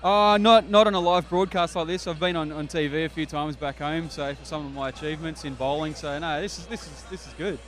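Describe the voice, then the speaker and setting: A man's voice: a little high, steady tone, fairly quick, few pauses. An Australian man answering interview questions hesitantly, with many fillers. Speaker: equipment distributor, guest.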